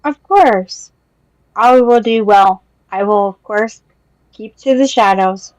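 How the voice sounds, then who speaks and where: A woman taking part as a player in a tabletop role-playing game. She talks in a hesitant, rambling way with many fillers, at a mid pitch, and her voice is close and dry with no room echo. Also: slow pace, darkish tone. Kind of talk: tabletop role-play in character.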